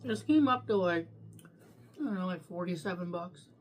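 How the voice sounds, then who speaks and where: A woman's voice: lowish voice, lively intonation, moderate pace, slight background noise. A woman reviewing takeout food on camera in a casual, profane way, talking while she eats and ranting freely. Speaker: food vlogger.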